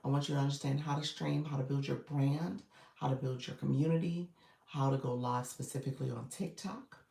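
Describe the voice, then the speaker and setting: A woman's voice: extremely low pitch, fairly even intonation, fairly quick, creaky, warm tone, distant mic. A woman coach chatting casually and encouragingly with her livestream viewers, still in her groggy morning voice. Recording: echoey room, away from the mic.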